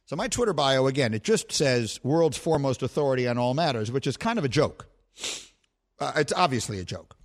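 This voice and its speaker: A man's voice: mid-range voice, animated, fairly quick. A middle-aged man hosting a sports talk show, chatting in a playful, talkative, self-mocking way. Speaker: radio and podcast host. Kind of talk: casual sports talk banter.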